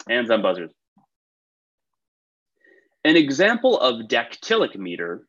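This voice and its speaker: Hosting a quiz by video call, this man reads out trivia questions and fills the gaps with cheerful, chatty remarks. His voice is on the low side with a fairly bright tone, though the recording is dull.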